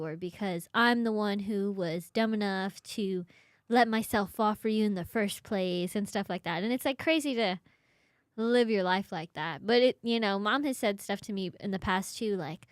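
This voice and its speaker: A young woman co-hosting a casual podcast, lively, laughing, and saying "like" a lot. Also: mid-range voice, moderate pace, no echo, studio quality. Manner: lively, laughs, uses "like" often. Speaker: podcast co-host. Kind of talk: casual chat.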